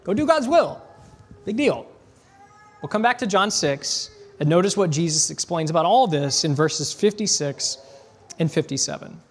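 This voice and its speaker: A man preaching a sermon, reading scripture aloud and asking rhetorical questions, slowing down to stress key phrases. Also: fairly high pitch, animated. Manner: rhetorical questions, conversational asides.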